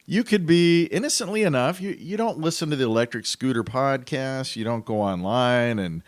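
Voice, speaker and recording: A man hosting a podcast, ranting in a casual, animated and incredulous way, his pitch jumping up as he gets worked up. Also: no room sound. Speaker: podcast host.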